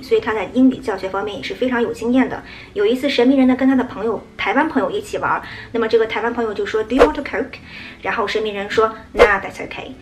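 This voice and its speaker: A woman English teacher explaining English phrases in a brisk, explanatory way and acting out example lines. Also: on the high side, a little hiss or hum. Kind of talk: explaining English usage in Mandarin.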